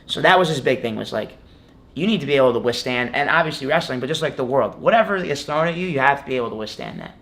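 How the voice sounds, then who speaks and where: A young man in his twenties tells a long story in a relaxed sit-down interview. He rambles, restarts often and fills the gaps with "like" and "you know." His pitch sits in an ordinary middle range. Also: fast talker. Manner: rambling, filler-heavy storytelling with many "like"s. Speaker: guest wrestler. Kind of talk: casual interview.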